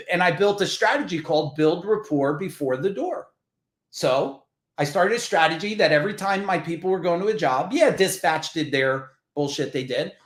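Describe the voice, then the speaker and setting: New guy, middle-aged, swears a lot telling stories, kinda high voice, roomy echo. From New Jersey. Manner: animated, profane, acts out quoted voices. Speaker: podcast guest, business coach. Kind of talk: casual interview storytelling.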